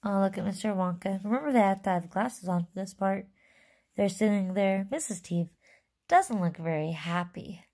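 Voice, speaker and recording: A woman teacher reading a chapter book aloud to her fourth-grade class, expressive and asking them questions. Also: mid-range voice, normal speed.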